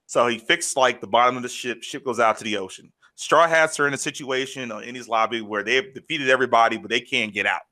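A man's voice: mid-range voice, fast, few pauses, pushed and bright. A man in casual podcast chat, animatedly retelling a story and acting out quotes. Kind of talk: casual chat recapping an anime.

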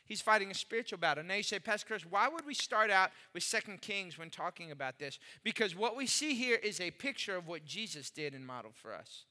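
A man preaching with a very high, piercingly bright voice. He talks straight to his listeners, punching some phrases and dropping others to a near hush. Everything carries a long, reverberant hall tail. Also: sing-song, fairly quick, hardly any pauses. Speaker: pastor. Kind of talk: sermon.

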